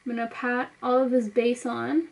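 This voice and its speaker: A young woman with a fairly high voice, chatting casually to her viewers. She talks through each makeup step as she goes, easygoing and conversational. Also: level tone, normal speed, vocal fry, darkish tone, rough recording. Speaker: beauty vlogger. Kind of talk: casual makeup tutorial talk.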